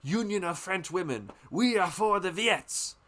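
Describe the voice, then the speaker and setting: A man voicing a furious, proud plantation patriarch in the middle of a shouting, defiant rant. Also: high voice, animated, unhurried, pitched above the performer's own voice, heavily acted. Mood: indignant shouting.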